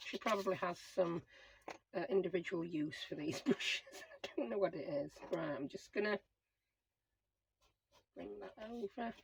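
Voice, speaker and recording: Chatting to herself while she crafts, a middle-aged woman who hosts a crafting channel explains each step in an easy, conversational way. Her voice is on the low side and gravelly, at normal speed with frequent pauses. The audio is poor, with slight background noise.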